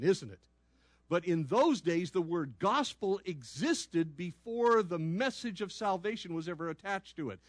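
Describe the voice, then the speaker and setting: A man preaching a sermon as pastor, teaching in a playful, animated way and putting questions to the congregation. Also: high-pitched, no echo, studio quality. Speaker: pastor and law enforcement chaplain. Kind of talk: sermon with call-and-response teaching. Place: church sanctuary.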